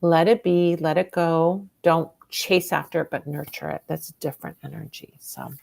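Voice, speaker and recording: A woman's voice: low-pitched, fairly even intonation, moderate pace, vocal fry, noisy background. A woman hosting a casual livestream tarot reading, chatty and encouraging as she gives advice. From California. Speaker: tarot reader, host.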